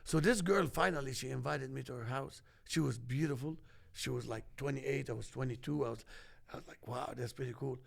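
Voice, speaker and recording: Gravelly Egyptian-born man telling stories. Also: medium pitch, brisk. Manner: animated storyteller, acts out quoted voices. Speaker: host. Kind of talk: casual storytelling chat.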